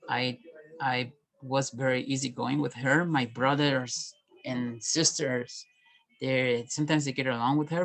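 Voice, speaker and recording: Guy talking slow and halting, lots of restarts, soft and earnest, mid pitch. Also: rough recording. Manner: halting, many restarts and pauses. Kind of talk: personal reflective monologue.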